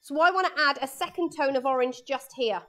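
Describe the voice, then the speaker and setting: In her studio, a female art teacher leads a live painting class for kids, narrating each stage of her drawing into a lapel microphone. Her voice sits high, and her delivery is brisk, bright and forceful.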